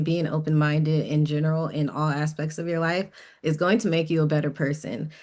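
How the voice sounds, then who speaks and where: Female panel guest, very low pitch, calm, reflective delivery. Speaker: guest speech-language pathologist. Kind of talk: conversational panel discussion.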